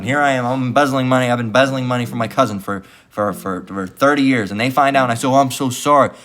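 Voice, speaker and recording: A man's voice: medium pitch, fairly bright tone. A man preaching scripture in a combative, profane tone, repeatedly asking "all right?" and "guess what". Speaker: street-style preacher.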